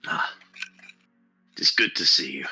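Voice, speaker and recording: A man's voice: a little slow, pushed and bright. A man playing an earnest young male adventurer who talks in a friendly, slightly formal way.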